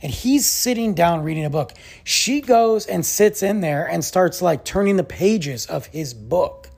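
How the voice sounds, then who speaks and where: A man's voice: high-pitched, animated, unhurried, vocal fry, a little mellow, husky. A young adult man, a podcast host telling a story in a casual, exasperated way and acting out the others' lines.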